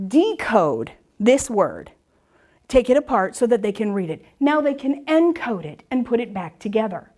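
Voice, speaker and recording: A woman leading a workshop for teachers, explaining reading rules step by step with quick questions and answers. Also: sits high. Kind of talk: presentation to teachers and parents.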